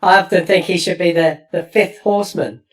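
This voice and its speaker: A man's voice: high voice, fairly even intonation, fairly quick. A man from East London hosting a casual interview chat, telling stories with frequent restarts. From East London, England. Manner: chatty, storytelling, frequent restarts. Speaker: podcast host. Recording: distant from the mic.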